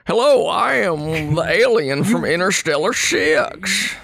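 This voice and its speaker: A slow, grand alien invader with a gravelly, creaky edge, drawing out every word, as a man puts it on. It is heard dry and close. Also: high-pitched, sing-song, fairly bright tone, no room sound, pitched above the performer's own voice, heavily acted. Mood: menacing. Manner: slow, grand, drawn-out delivery. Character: menacing alien invader from space.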